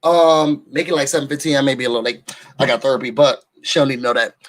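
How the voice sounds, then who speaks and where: A man from New York reviewing a reality show for his viewers in casual chat, an animated, slangy storyteller. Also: medium pitch, fast. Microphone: studio microphone.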